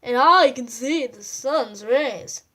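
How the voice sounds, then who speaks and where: A woman's voice: high-pitched, slow, pushed and bright, full character voice. A woman voicing a curious, bossy female porcupine who exclaims emphatically. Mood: emphatic.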